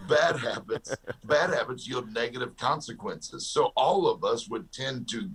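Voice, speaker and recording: A man's voice: medium pitch, animated, measured pace, a bit bright, slightly rough. A man, a guest author and success coach, talking in an interview and telling jokey stories with a laugh. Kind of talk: storytelling interview talk.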